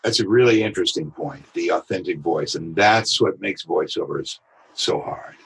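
A man's voice: low voice, slight background noise. A man, a voice actor, talking through his craft in a podcast interview, reflective and full of examples. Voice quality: husky. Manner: reflective, explains with examples and quick imitations. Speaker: voice actor guest.

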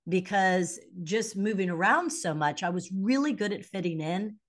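A woman's voice: medium pitch, normal speed. A middle-aged woman, a leadership coach and podcast guest, telling personal stories candidly and acting out the voices in them. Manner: animated, acts out quoted dialogue. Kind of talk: candid conversational storytelling.

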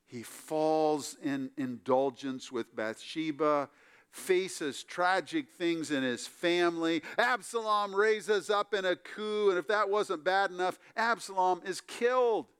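Man, sermon, acts out the quotes, clear resonant voice. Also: high-pitched, takes it slowly, fairly bright tone. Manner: storytelling with acted-out quotes and wry asides. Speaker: pastor.

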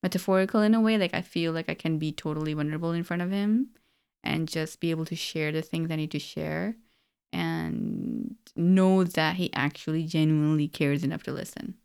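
A woman's voice: low-pitched, moderate pace, vocal fry, a little mellow, clear, resonant tone. A woman co-hosting a casual chat, telling personal stories in an earnest, reflective way. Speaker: podcast co-host.

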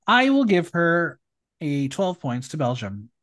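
A man hosting a podcast, chatting casually and giving opinionated reviews of runway looks in an animated way. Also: a little high, unhurried, no room sound, studio quality. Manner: animated, opinionated, swings between loud and hushed. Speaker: podcast host. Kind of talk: casual recap chat.

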